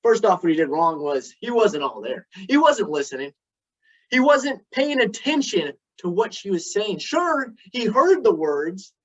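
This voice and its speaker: A man delivering a prepared club speech, telling stories with dramatic pauses. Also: sits high, fairly bright tone. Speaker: club speaker. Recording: dull lo-fi recording.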